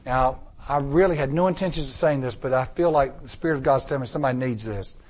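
A man preaching a sermon in an emphatic style, slowing down on key words and calling out to the congregation. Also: mid-range voice, darkish tone. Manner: emphatic, slows down on key words, call-and-response. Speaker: pastor.

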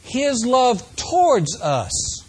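A man preaching a sermon to a congregation, asking them questions and shifting between slow, drawn-out phrases and quick runs. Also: very high voice, big pitch swings, darkish tone, husky. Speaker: pastor.

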